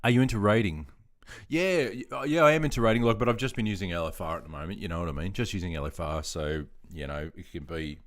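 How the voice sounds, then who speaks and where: A man's voice: deep voice, fast. An Australian man in his fifties, chatting in a rambling, self-deprecating way while reading out chat on a gaming live stream. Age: 50s.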